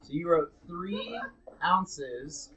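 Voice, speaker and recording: A man's voice: on the high side, animated, drawn-out words, pushed and bright. Blunt, joking male math teacher. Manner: casual, joking, blunt and direct with students. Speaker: middle school math teacher. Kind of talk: live classroom teaching. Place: classroom. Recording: dull lo-fi classroom recording.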